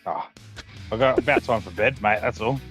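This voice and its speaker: A man's voice: medium pitch, moderate pace, a bit bright, soft background music. A man, the new sim racing champion, answering in a laid-back, understated way. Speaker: guest champion.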